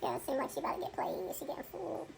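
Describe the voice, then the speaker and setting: Woman co-host with a high, creaky voice; chatty, reads comments aloud with frequent laughs, faint noise behind. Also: rapid-fire, low-quality recording. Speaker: reaction video co-host. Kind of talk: casual commentary, reading out comments.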